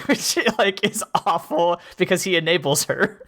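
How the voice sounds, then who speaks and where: Low-voiced woman podcast co-host. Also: a little slow, fairly bright tone. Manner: rambling and jokey, frequent laughs and mock quotes. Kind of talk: casual chat about a TV show.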